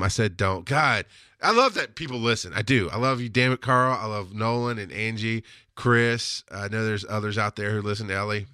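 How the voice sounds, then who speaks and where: A man's voice: lowish voice, bright, forceful tone, no echo, studio quality. A man hosting a podcast, talking candidly in a casual monologue, laughing often and swearing freely. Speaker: podcast host.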